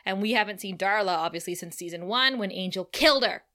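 A woman's voice: medium pitch, quick pace. A woman co-hosting a podcast, recapping a TV episode in casual chat and laughing often. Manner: laughs often, animated retelling. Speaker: podcast co-host.

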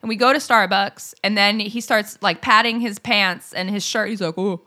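Brief: young woman podcast co-host, bright and forceful voice, lively chatty storyteller who laughs easily and curses. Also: medium pitch, moderate pace. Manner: animated storyteller, laughs often, swears freely. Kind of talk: casual chat.

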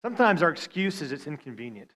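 A man preaching a sermon, stammering on restarts and swinging from loud appeals to hushed lines. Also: fairly high pitch, big pitch swings, quick pace. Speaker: pastor.

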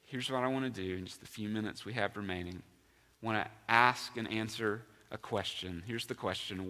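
A man's voice: on the low side, brisk, sharp tone. Guy pastor preaching, punchy, asks the room questions, long church echo. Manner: emphatic, asks the congregation questions. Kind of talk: sermon. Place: church sanctuary.

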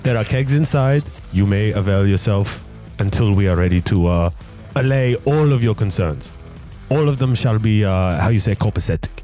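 A man voicing a smooth, placating male cat-folk elf who keeps calling people his friend. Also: on the low side, animated, moderate pace, dark tone, faint music behind, natural voice. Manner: smooth, placating, with hesitant filler phrases.

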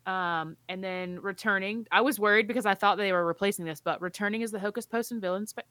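A woman's voice: mid-range voice, quick pace, a bit bright, dry recording. A woman co-hosting a casual podcast, reading park news aloud with playful asides. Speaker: podcast co-host.

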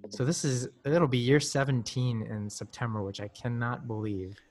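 A man's voice: steady tone, normal speed, darkish tone. A man in his thirties from North Dakota, a guest on a ministry podcast, chatting casually and telling jokey stories. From North Dakota, USA. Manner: jokey storyteller, pitch jumps when telling anecdotes.

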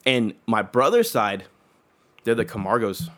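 A man's voice: fairly low pitch, sing-song, unhurried, a bit bright. A young adult man telling a long personal story in casual chat, rambling with lots of fillers and swearing.

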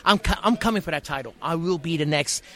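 A man cutting a wrestling promo in an interview, fired up and emotional, shouting and repeating himself. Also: fairly high pitch, fast. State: hurting, emotional. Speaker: pro wrestler.

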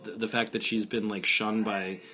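A man hosting a casual podcast chat, animated and swearing as he rants. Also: lowish voice, normal speed. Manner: animated, profane ranting. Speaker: podcast host.

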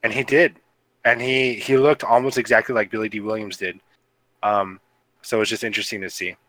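A man's voice: lowish voice, fairly even intonation, fairly quick, pushed and bright, poor audio. A man co-hosting a casual movie review podcast, rambling with lots of fillers and laughter. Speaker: podcast co-host.

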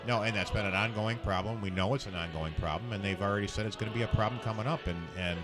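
Halting low-voiced man over music. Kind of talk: casual political chat.

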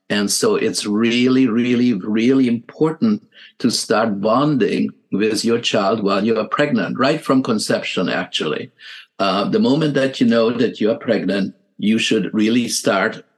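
An older man, a psychiatrist, telling a case story in a lecture, halting and unhurried, with many filler sounds and restarts. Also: fairly low pitch, poor audio. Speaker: psychiatrist and author.

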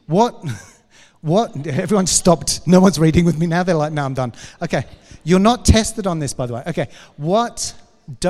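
A man's voice: a little high, big-room sound. A man teaching a church class in a playful, joking way, chatting with his audience.

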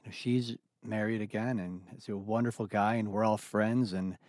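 Man, middle-aged, deep-ish voice, reflective, halting restarts, dry recording. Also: fairly even intonation, a little mellow, dry recording. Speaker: interview guest. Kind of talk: candid personal conversation.

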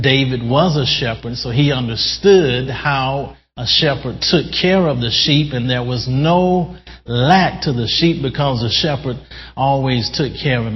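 Male pastor, slow emphatic sermon delivery, reverberant church hall, muffled recording. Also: mid-range voice. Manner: slow, emphatic preaching with drawn-out key words. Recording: dull lo-fi sound in a reverberant hall.

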